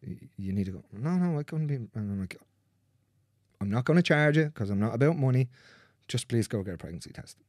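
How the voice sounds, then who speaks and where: A man's voice: mid-range voice, lively intonation, fairly quick, darkish tone, no room sound, studio quality. A man working as a manual therapist, telling stories about clients in a casual conversation, blunt and swearing freely as he acts out what people said.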